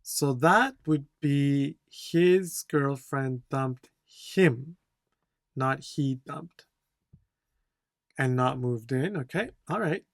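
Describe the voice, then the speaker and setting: Going through test answers as a tutorial, a man reads out the dialogue lines and keeps repeating the key words. His voice is medium-pitched, and the studio sound is clean with no room echo.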